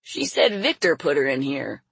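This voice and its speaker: A woman voicing a gruff, folksy old man who works at a circus. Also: deep voice, very animated, normal speed, dry recording, heavily acted. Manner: folksy, rough. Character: gruff old male circus hand, rough-spoken.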